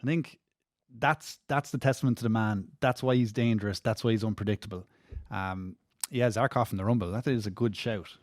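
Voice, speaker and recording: A man's voice: fairly low pitch, fairly quick, darkish tone, no room sound, studio quality. An Irish man co-hosting a wrestling podcast in casual chat, playful and mock-serious. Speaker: podcast co-host.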